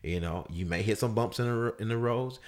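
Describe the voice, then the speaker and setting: Deep-voiced man telling a rambling story. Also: fairly quick. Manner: animated storyteller, voice jumps up high for quoted shouts; loose, repetitive, full of fillers like man and bruh. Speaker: guest telling his story. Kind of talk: casual chat.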